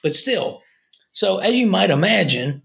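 A man with a gravelly, creaky voice pitched a bit high tells a long story in a rambling podcast chat. He restarts phrases often as he works toward the punchline. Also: very animated, unhurried, fairly bright tone. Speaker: podcast co-host.

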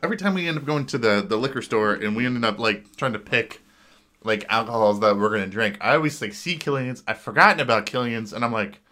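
A man's voice: mid-range voice, fast talker, pushed and bright. A man co-hosting a casual podcast, rambling and joking about himself. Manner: rambling, jokey, self-mocking. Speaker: podcast co-host.

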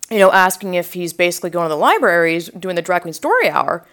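A young woman podcast host telling a story in a rambling, animated way, full of asides and quoted reactions, with a sore throat. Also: fairly low pitch, fast. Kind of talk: casual storytelling.

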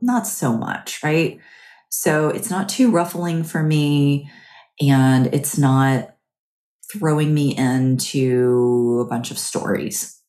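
A woman hosting a podcast, giving a gentle, chatty guided mindfulness talk that keeps asking "right?". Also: extremely low pitch, echoey room. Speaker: podcast host.

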